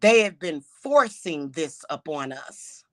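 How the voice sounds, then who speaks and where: A woman's voice: deep voice, big pitch swings, slow, fairly bright tone. A woman who practices witchcraft and hosts her own channel, talking in an emphatic, indignant unscripted monologue full of restarts and repeated words.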